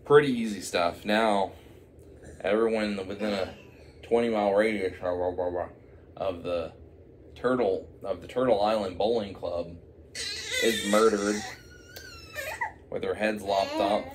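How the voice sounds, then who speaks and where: A man's voice: deep voice, fairly even intonation, normal speed, a little hiss or hum. A man improvising a silly story, rambling with many fillers and asides.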